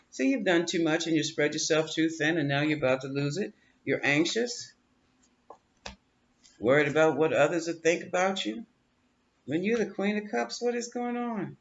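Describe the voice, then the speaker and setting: Animated man giving a tarot reading. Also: on the high side, a little hiss or hum. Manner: animated, chatty, repeats words and laughs; coaching, reassuring tone. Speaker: tarot reader. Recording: dull lo-fi audio with faint room ambience.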